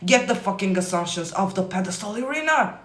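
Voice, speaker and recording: A man coaching manifestation on a live stream, answering viewer comments in a profane, emphatic, often yelling way. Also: high-pitched, animated, fairly quick. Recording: roomy echo.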